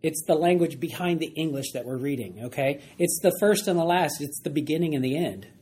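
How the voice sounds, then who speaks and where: A man teaching a Bible study lesson, animated and emphatic, repeating key phrases as he explains. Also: fairly high pitch, a little fast, a little hiss or hum.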